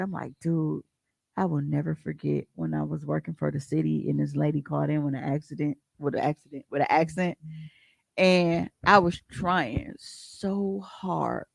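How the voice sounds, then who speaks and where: A podcast co-host telling stories in a casual, profane and animated way, often breaking into laughs. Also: mid-range voice, gravelly, dry recording. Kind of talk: casual storytelling chat.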